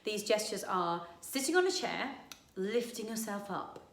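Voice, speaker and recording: Slow-spoken woman singing teacher. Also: mid-range voice, lively intonation. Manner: gentle, unhurried coaching with sung demonstrations. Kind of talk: vocal warm-up lesson. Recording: roomy sound with piano.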